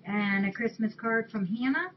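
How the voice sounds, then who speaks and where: A woman's voice: a little high, expressive, moderate pace. Woman, casual webcam chat, reading cards aloud, dull lo-fi sound, faint hiss. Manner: chatty, warm thanks, reading aloud. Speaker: shelter webcam host.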